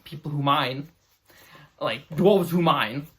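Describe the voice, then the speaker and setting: A man's voice: on the high side, slow pace, a bit bright. A man reviewing a fantasy show in an exasperated, sarcastic rant, swearing now and then. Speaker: YouTube reviewer.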